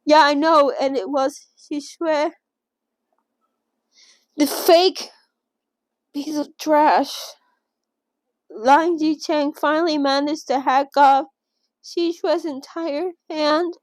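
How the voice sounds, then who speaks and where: A young woman with a high, bright-toned voice hosts a casual read-along of a novel. She reads in a halting way, breaks off to react with emotional gasps and restarts, then goes back to the page. The recording is close and dry. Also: fairly even intonation, dry recording. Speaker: channel host reading a novel aloud.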